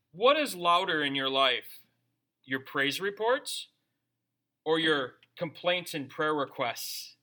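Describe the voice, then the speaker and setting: Animated man preaching, high and bright. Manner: animated, conversational preaching with humor. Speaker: pastor. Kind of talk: sermon.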